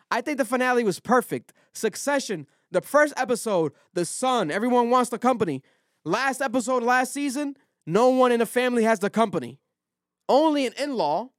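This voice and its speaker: A man's voice: high voice, no room sound, clean studio sound. A man hosting a podcast in casual chat, recapping things loosely and swearing freely. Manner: profane, loose retelling. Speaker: podcast host.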